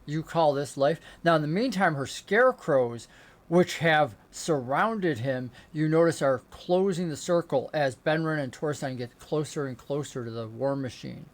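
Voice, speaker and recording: A man narrating as game master of a remote tabletop game, descriptive and rising into excited action narration. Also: a little high, normal speed. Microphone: remote call setup.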